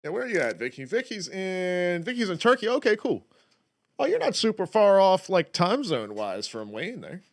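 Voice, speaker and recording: A man's voice: high voice, big pitch swings, moderate pace. A man livestreaming, cheerfully greeting viewers by name and chatting casually.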